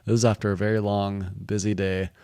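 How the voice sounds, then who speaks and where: Young man, low voice, very flat delivery, rambling storytelling monologue, dry close sound. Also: brisk, clean tone, dry recording. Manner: rambling, repeats "he's like" and restarts often. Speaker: vlogger recounting work experiences.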